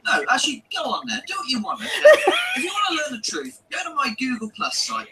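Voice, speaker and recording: A man's voice: very high-pitched, big pitch swings, fast, distant mic, heavy background noise. A man delivering a heated, sweary, sarcastic ranting monologue in his own video.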